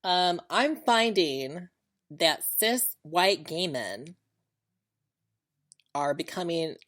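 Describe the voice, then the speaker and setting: Low-voiced woman in a chatty podcast monologue. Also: animated, extremely slow, fairly bright tone. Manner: candid, chatty, frequently repeats herself. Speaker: podcast host. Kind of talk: casual solo monologue.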